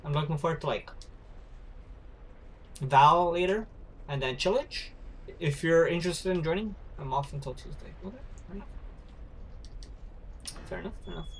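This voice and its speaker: A young man livestreaming a game, talking loosely with his audience while he plays. His voice sits slightly high, and he bursts into shouts and laughter at the game. A faint hiss runs under his desk-mic sound. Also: normal speed, pauses often. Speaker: streamer. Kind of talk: casual gaming livestream chat.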